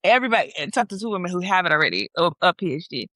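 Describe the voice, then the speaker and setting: A young woman co-hosting a podcast in casual chat, animated and laughing often, imitating voices as she talks. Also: lowish voice, very fast, no room sound. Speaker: podcast co-host.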